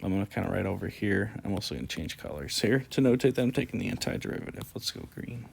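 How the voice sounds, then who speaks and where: A man's voice: sits low, expressive, quick pace, gravelly, slightly rough. A man teaching calculus in a casual way, talking through each step as he writes, sleepy and yawning. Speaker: math teacher. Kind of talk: screen-recorded math lesson.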